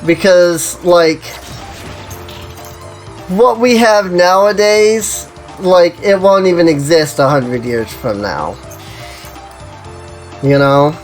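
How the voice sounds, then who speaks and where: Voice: medium pitch, animated, slow, long pauses, faint music behind. A streamer chatting casually while playing an online game, rambling and saying "you know" and "like" constantly.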